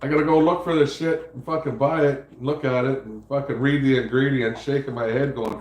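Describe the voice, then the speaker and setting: A man's voice: medium pitch, fairly even intonation, a little fast, few pauses. Male livestream host, mid-range voice, profane, rambling storyteller, echoey room. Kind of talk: casual chat.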